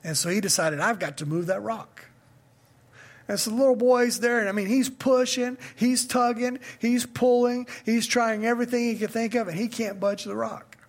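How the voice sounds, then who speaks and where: A man's voice: very high voice, fairly even intonation, normal speed. A male pastor preaching a sermon in a conversational style that builds to emphatic questions.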